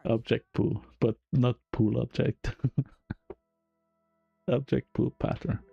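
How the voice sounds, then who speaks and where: Slow, gravelly French-accented man. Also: mid-range voice, little pitch movement, dull audio, faint music behind. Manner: halting, self-correcting, chuckling. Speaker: game developer streamer. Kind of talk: live-stream coding explanation.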